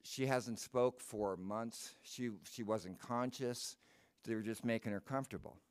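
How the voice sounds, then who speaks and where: A middle-aged man giving a casual, rambling talk of ghost stories, going off on tangents and swinging between excited outbursts and hushed tellings. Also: on the low side, measured pace, clean tone.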